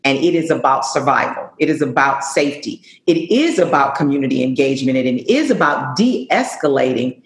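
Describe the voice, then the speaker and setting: A woman's voice: a bass voice, animated, brisk, hardly any pauses. Earnest woman police chief, roomy sound. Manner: earnest, emphatic, repeats words while thinking. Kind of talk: panel discussion answer.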